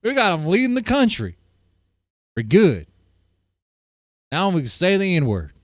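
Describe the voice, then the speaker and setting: A male livestream host chatting with viewers in a loud, profane, heated way. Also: sits high, huge pitch swings, measured pace, no room sound, studio quality. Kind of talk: casual livestream chat with viewers.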